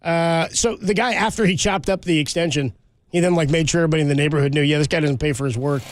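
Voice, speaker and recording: A man co-hosting a sports radio show in relaxed, casual banter. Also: fairly high pitch, quick pace, a little hiss or hum. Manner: laid-back, says "dude" a lot.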